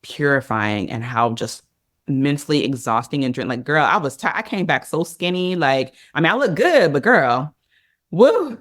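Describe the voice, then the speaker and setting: A woman's voice: low-pitched, normal speed, no echo. Chatty woman telling a story, dry sound. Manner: animated, chatty, heavy use of "like" and "girl". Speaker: podcast guest. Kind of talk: casual storytelling in an interview.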